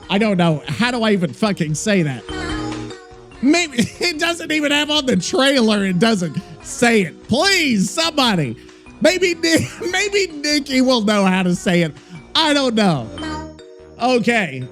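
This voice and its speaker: A man's voice: high-pitched, big pitch swings, takes it slowly, faint music behind. A man hosting a casual gaming podcast, rambling and swearing freely as he stumbles over words. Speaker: podcast host.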